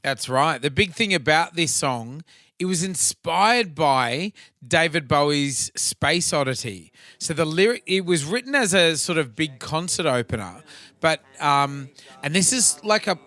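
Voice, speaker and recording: Australian man, podcast co-host, rambling casual musing, slightly high voice. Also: expressive, measured pace, pushed and bright. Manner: rambling, filler-heavy musing. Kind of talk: casual chat.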